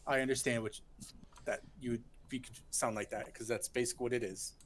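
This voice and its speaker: A mid-pitched Michigan American man. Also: quick pace, a little hiss or hum. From Michigan, USA. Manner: relaxed, explains game rules patiently. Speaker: lore guest coaching a gamer. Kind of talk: casual chat on a game stream.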